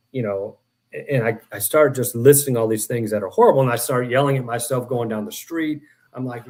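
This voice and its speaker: A middle-aged man, a guest author and professor, telling rambling, animated stories and acting out the quotes in a casual interview. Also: mid-range voice.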